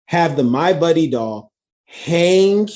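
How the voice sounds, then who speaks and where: A man co-hosting a podcast, telling a story in an expressive, giggly way. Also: a little high, takes it slowly. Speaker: podcast co-host. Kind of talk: casual chat.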